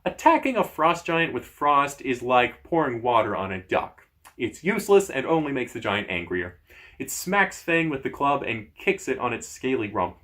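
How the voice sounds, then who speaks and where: A man hosting a gamebook playthrough, reading the story aloud in a lively way with casual asides to viewers. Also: mid-range voice, normal speed. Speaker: host.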